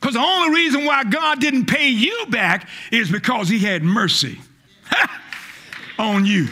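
A male pastor preaching a fiery call-and-response sermon, stammering on repeated words and rising to shouts. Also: extremely high pitch, takes it slowly, a little hiss or hum. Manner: acts out quoted voices, stammers on repeated words.

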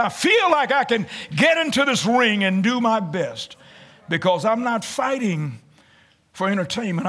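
A man preaching a sermon in church, emphatic, building to shouted lines and repeating his phrases. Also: sits high.

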